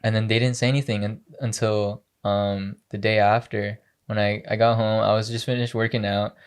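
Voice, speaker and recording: A man's voice: lowish voice, flat delivery, moderate pace, smooth. A young man telling a long story in casual podcast chat, rambling with many fillers and quoted dialogue. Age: young adult. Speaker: podcast co-host.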